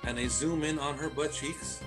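A man co-hosting a casual podcast, excitedly recapping a film with lots of swearing and laughter. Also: on the high side, normal speed, music in the background. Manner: excited, profane, laughing storyteller. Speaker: podcast co-host. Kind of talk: casual movie recap chat.

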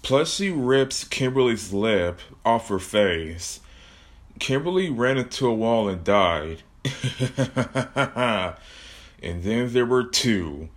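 A man's voice: lowish voice, animated, slow. A man telling a comic horror story with jokey asides about his own plot.

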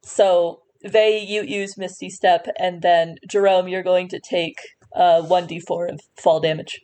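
A woman guiding a tabletop game as its game master. She describes each scene in loose, unscripted narration, pausing with fillers and restarting her sentences. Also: lowish voice, fairly even intonation, dark tone.

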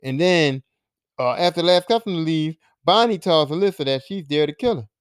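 A man's voice: on the high side, a little fast, clear, resonant tone. A male podcast host giving a casual, profane, rambling recap of a TV show.

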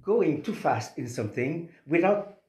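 Heard in a reverberant interview, the man has a slightly high, dark-toned voice with lively intonation. He is a Quebec-born opera singer whose first language is French, and he speaks haltingly with a Québécois accent, full of fillers and hesitant restarts.

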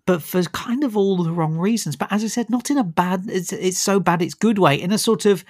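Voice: mid-range voice, a little fast, no room sound, studio quality. A film reviewer, chatting casually and enthusiastically, often restarting sentences. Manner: enthusiastic, rambling, with frequent restarts. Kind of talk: casual radio-style film review chat.

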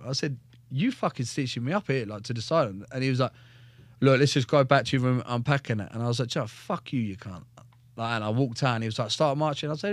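Man, blunt, sweary, animated storytelling, dry close mic. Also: medium pitch, fast talker, dry recording. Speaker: guest, former soldier. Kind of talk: casual podcast storytelling.

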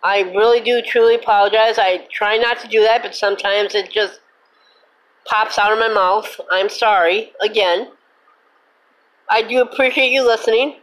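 A woman's voice: mid-range voice, steady tone, normal speed, a bit bright, rough recording. A woman hosting her own show, ranting with indignation, cussing and then apologizing for it. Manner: repetitive, emphatic complaining. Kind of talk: angry rant.

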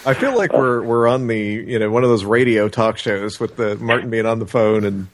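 A man's voice: on the low side, moderate pace. Chatty male podcast co-host. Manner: chatty, talks things through at length. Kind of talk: casual chat.

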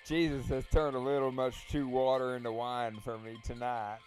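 A man's voice: medium pitch, flat delivery, moderate pace, a little mellow, faint music behind, close to an everyday voice. A man voicing a drunk Southern Baptist preacher with an Alabama accent, rambling in a boozy preaching manner. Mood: tipsy preaching.

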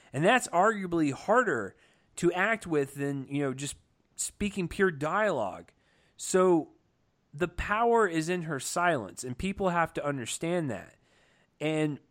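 A man's voice: on the high side, a bit bright. A man giving a casual, enthusiastic movie review, talking with lots of fillers and restarts. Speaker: film reviewer.

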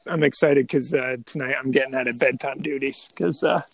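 A man's voice: mid-range voice, fairly even intonation, fairly quick, creaky, low-quality recording. A man in his thirties, a teacher guest on a school podcast, chatting casually and joking with frequent chuckles. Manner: joking, chuckles often, many "um"s.

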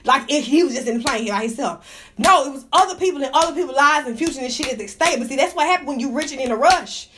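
A woman with a very high, piercing voice rants through a casual gossip livestream. She swears freely and laughs often, and her sharp, bright tone comes straight through a phone mic indoors. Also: expressive, fast talker, slight background noise. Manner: profane, fired-up ranting, laughs often. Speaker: livestream host.

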